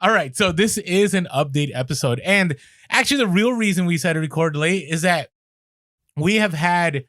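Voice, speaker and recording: Animated man co-hosting a podcast. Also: high-pitched, moderate pace, no echo, clean studio sound. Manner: animated, emphatic, filler-heavy. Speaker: podcast co-host. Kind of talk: casual chat.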